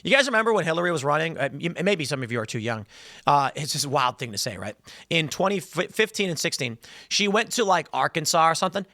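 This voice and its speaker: A man hosting a political commentary show, talking in a sarcastic, rambling way with animated asides on a close mic. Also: on the high side, fast talker, dry recording. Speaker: host.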